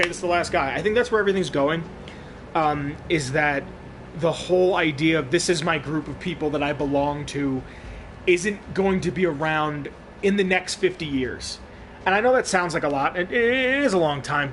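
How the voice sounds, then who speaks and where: Talkative streamer man, slightly high voice. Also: fairly bright tone. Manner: rambling, profane, thinks aloud with restarts. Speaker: game streamer. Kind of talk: casual live-stream chat while gaming. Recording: clear background noise.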